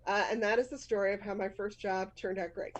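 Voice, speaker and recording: A woman's voice: medium pitch, fairly even intonation, brisk, rough recording. A woman in her fifties with a Boston accent, hosting a live storytelling show, telling a personal story candidly and laughing often at herself.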